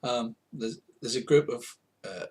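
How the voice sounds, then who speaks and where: An older man narrating a tabletop game as its game master. His voice is husky and his pitch sits in an ordinary middle range. He rambles wryly, with plenty of fillers. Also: measured pace, darkish tone.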